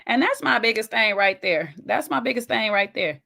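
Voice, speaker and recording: A woman's voice: a little high, animated, normal speed, vocal fry, bright, forceful tone. A woman hosting a reaction video, giving sassy, emphatic commentary and talking straight to the viewer. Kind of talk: casual commentary reacting to a clip.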